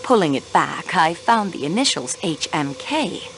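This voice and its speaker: A sharp young woman investigator in a mystery game, questioning suspects with polite insistence. Her voice sits a little low yet moves widely in pitch, giving each observation a pointed lift. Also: sing-song, moderate pace, a little hiss or hum, rough recording. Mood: poised, probing. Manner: poised, probing, politely insistent. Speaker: amateur investigator, railway clerk. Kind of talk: video game voice acting.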